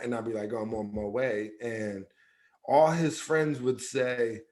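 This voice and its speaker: A man's voice: lowish voice, moderate pace, a little mellow. A man co-hosting a podcast, telling a personal story in loose everyday speech and acting out the lines of the people in it. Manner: loose, conversational, acts out quoted dialogue, repeats "yada, yada". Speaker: podcast co-host. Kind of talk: personal storytelling in casual chat.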